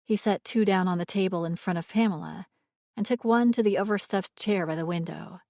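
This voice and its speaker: A woman narrating a romance audiobook in a measured, expressive reading. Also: mid-range voice, no room sound, clean studio sound.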